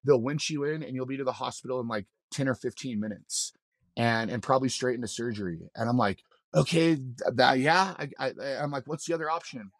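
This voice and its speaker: This podcast guest, a mountain guide, speaks quickly in a mid-range voice, recorded in a clean studio with no echo. His storytelling is casual and animated, full of acted-out quotes and plenty of swearing.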